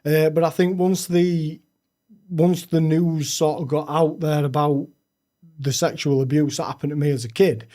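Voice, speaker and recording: Man, young adult, frank, halting restarts, slightly high voice. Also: fairly even intonation, warm tone. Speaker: podcast guest. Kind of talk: candid personal storytelling.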